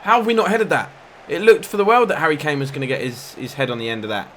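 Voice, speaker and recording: Brief: young man, gaming commentator, bright forward voice, excitable with sudden outbursts, faint hiss. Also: fairly high pitch, fast talker. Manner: excitable, bursts into loud outcries at near misses and fouls. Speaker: gaming YouTuber. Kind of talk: football video game commentary.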